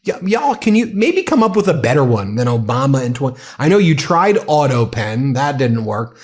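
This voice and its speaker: A man's voice: mid-range voice, big pitch swings, normal speed, few pauses. A man hosting a casual political commentary, talking in a sarcastic, exasperated, mocking way.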